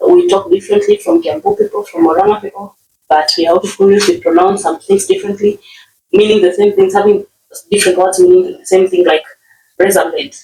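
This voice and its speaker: A woman's voice: mid-range voice, sing-song, fairly quick, vocal fry, warm tone. A woman from Nyeri with a Kenyan accent, teaching household words in a casual lesson, repeating words and often checking with "okay?". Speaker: language teacher. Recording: roomy, distant mic.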